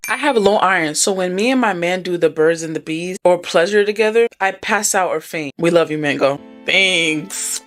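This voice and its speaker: A vlog host reading viewer confessions aloud and reacting with sassy, teasing commentary and sudden high-pitched exclamations. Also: normal speed, hardly any pauses, a bit bright, faint music behind.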